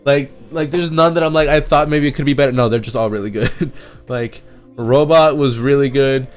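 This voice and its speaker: A young man rambling in a casual live stream chat, excitable and swearing, often breaking into laughs and going off on tangents. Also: medium pitch, normal speed. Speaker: streamer reacting to a music EP. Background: faint music playing.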